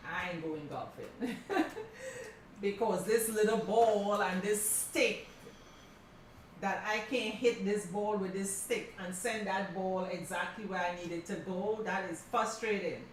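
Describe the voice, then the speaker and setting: A middle-aged woman teaching a crafting class, telling stories in a casual, animated way and calling her students y'all. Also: medium pitch, measured pace, slight background noise. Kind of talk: casual class talk, storytelling. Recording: very echoey room from a distance.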